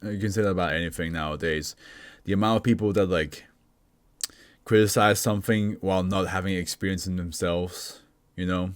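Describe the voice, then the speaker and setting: A man's voice: sits low, fairly even intonation, moderate pace, clean tone, no room sound. A man hosting a reaction video, talking casually, laughing often and slipping into mock voices.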